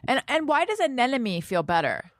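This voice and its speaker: A woman co-hosting a podcast in casual chat, animated and quick with jokes. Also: sits high, no echo, studio quality. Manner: animated, laughing, quick asides. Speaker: podcast co-host.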